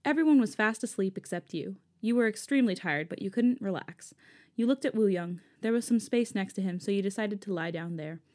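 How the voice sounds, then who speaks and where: A young woman reads a fan story aloud, playful and quick to giggle, at a medium pitch. Her voice is relaxed and chatty, like a podcast co-host with a friend. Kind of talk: casual fanfiction reading and chat.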